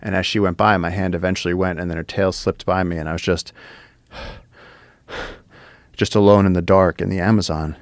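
A man, a podcast guest, excitedly telling an adventure story with lots of fillers, restarts and swearing. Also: low-pitched, moderate pace, pauses often, no echo. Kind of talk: animated storytelling. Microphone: studio podcast mic.

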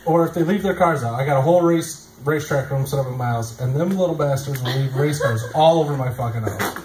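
A man's voice: medium pitch, fast. A man performing a stand-up comedy set in a small club, telling crude, profane stories and acting out quotes. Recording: echoey club with audience noise.

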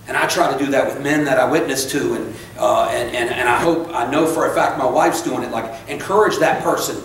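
Fervent preacher in an echoey church. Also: male voice, mid-range voice, fairly quick, creaky, a bit bright, slight background noise. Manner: fervent, exhorting, with casual asides. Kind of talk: sermon. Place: church sanctuary. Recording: echoey church captured from far off.

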